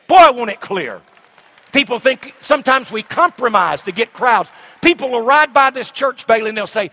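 A middle-aged man preaching a sermon as pastor, swinging from shouts to hushed asides. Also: very high voice, big pitch swings, normal speed.

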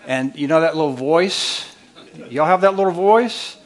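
A man's voice: on the high side, unhurried. A man, a marriage counselor giving a humorous talk with folksy storytelling and repeated phrases.

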